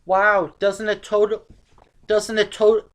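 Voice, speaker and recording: A woman's voice: mid-range voice, level tone, slow. A woman reviewing an old movie in casual chat, sarcastic and exasperated.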